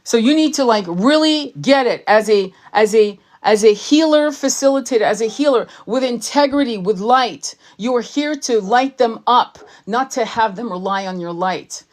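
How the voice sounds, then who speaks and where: A woman's voice: fairly high pitch, lively intonation, moderate pace, hardly any pauses. A woman who works as a psychic, giving a blunt, profane and impassioned talk to fellow healers. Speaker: psychic and tarot channel host. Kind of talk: impassioned spiritual monologue.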